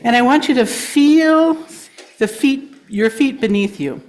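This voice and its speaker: A woman speaker at a congregation gathering, gently guiding listeners through breathing and grounding, encouraging and quick to laugh. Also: sits high. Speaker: guest speaker. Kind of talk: guided breathing exercise in a talk. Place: congregation hall.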